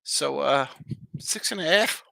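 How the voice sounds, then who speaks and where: A man hosting a live sports betting stream, talking straight to viewers in a brash, jokey way. His voice swings widely in pitch and sounds bright and sharp. The recording is dry and close. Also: animated, slow, gravelly, no room sound. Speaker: sports betting show host. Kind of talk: live betting picks chat, reading comments.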